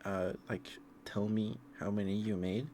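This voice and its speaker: A man voicing Moses as a blunt, slightly whiny man, louder and higher than his own low voice. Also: little pitch movement, a little slow, a little hiss or hum, close to an everyday voice. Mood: earnest, asking.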